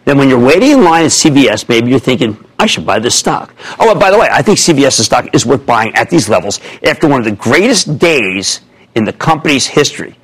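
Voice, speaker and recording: A man in his sixties hosting a stock market call-in show on TV, talking emphatically with jokes and rapid asides. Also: medium pitch, breathy edge. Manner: emphatic, excitable, jokey, riffing. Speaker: host. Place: TV studio.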